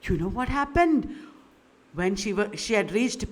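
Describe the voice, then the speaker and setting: A woman's voice: medium pitch, lively intonation, unhurried. A woman giving a literature lecture in a chatty way, often laughing and putting questions to her students.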